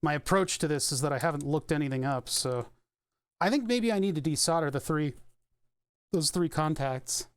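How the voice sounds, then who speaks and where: Young man streamer, casual rambling repair talk, higher pitch. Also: moderate pace, clean tone. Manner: thinks aloud, rambling, swears casually. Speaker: streamer doing car electronics repair. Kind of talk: casual live-stream commentary.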